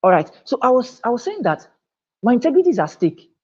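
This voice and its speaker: A man's voice: very high voice, sing-song, fast talker, a little mellow, husky, muffled recording. A man giving a live online lecture, emphatic and repeating his key phrases. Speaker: online teacher. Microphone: own microphone, recorded on camera.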